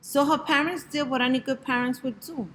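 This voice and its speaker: A woman reading a rhyming picture book aloud in a gentle, rhythmic way. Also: high voice, steady tone, brisk, low-quality recording. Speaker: storybook reader.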